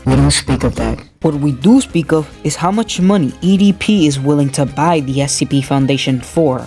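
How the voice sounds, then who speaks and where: A man narrates a game run in a flat, deadpan voice-over, delivering absurd, edgy jokes as if they were serious. Clear background music plays under his voice the whole way through. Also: on the high side, moderate pace. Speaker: gaming YouTuber. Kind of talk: scripted voice-over of gameplay.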